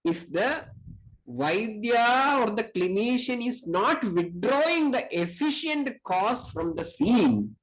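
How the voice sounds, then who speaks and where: A man's voice: high-pitched, very animated, slow, low-quality recording. A man with an Indian accent giving an academic lecture on Ayurveda, speaking emphatically, repeating key points and reciting Sanskrit verses.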